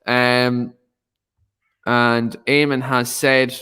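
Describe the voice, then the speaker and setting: A man's voice: mid-range voice, level tone, very slow, sharp tone, clean tone. A man hosting a casual football chat, reading out viewer comments between filler words. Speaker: host.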